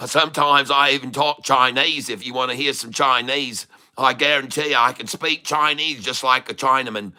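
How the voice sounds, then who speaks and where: A middle-aged man calls out buy and sell orders live, pushing his viewers with repeated urgings. His voice is bright and sharp, with a smooth, clear tone. He sometimes slips into a jokey foreign accent to keep things lively. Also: medium pitch, normal speed. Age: middle-aged or older. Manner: puts on a playful foreign accent to mix things up; repetitive, hype-style urging to buy and sell. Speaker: day trader and channel host. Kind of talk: live trading commentary.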